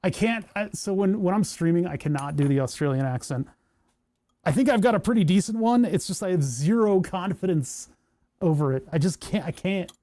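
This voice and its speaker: A man's voice: high-pitched, lively intonation, moderate pace, warm tone. A man streaming his electronics build, chatting casually and muttering to himself as he works. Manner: muttering to himself while working. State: hand cramps. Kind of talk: casual workbench chat.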